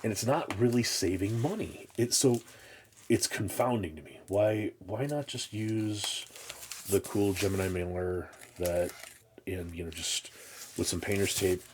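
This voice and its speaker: A comic collector vlogger with a lowish voice chats casually while unboxing a comic shipment, with slight background noise. He rambles, halts, and restarts his sentences often, sounding exasperated and mocking himself.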